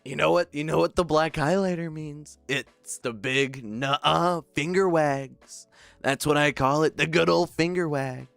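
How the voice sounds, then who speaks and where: A man's voice: a little high, creaky, a bit bright, no room sound, soft background music, pitched above the performer's own voice. Young man doing a brash boastful old politician. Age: young adult. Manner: bragging, drawn-out, self-praising delivery. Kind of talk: comedic impression during a game stream.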